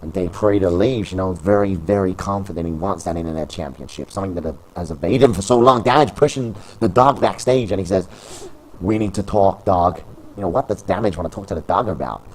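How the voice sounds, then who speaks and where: A man calling a wrestling match as play-by-play commentator, shouting names over and over in bursts of excitement. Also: low-pitched, fast talker, few pauses, slightly rough, low-quality recording.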